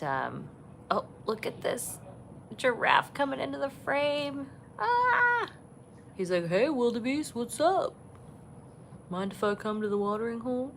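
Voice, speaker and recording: A woman hosting a casual livestream from a resort balcony, chatting softly and gushing over the animals she sees. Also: deep voice, slight background noise. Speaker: vlog host. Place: resort balcony overlooking savanna, outdoors.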